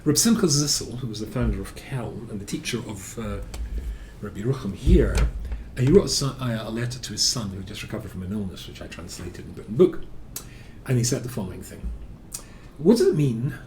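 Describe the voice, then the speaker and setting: A man, a rabbi teaching a lesson as an animated storyteller, full of filler words. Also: fairly low pitch, a little fast, slight background noise.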